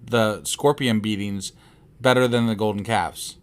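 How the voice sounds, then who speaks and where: A man's voice: on the low side, fairly even intonation, unhurried, clear, resonant tone. A man co-hosting a casual Bible-study chat, making skeptical, dry remarks. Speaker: podcast co-host.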